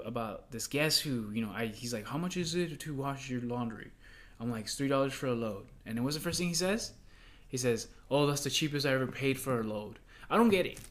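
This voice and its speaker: A young man co-hosting a podcast, telling work stories in a rambling, profane, animated way. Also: mid-range voice. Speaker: podcast co-host. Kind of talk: casual podcast chat.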